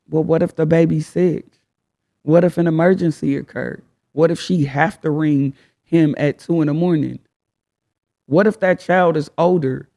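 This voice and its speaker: A man's voice: fairly high pitch, moderate pace, gravelly, dark tone. A man hosting a casual advice talk, speaking frankly in slang and firing off rhetorical questions. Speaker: host.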